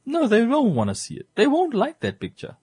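A man co-hosting a casual discussion, talking in an animated, joking way full of rhetorical questions. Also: very high-pitched, brisk, husky, no echo.

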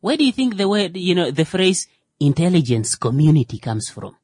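A woman's voice: lowish voice, sing-song, moderate pace, a little mellow, breathy edge, dry recording. A woman talking in a rambling, casual monologue, full of fillers, who acts out little quoted exchanges.

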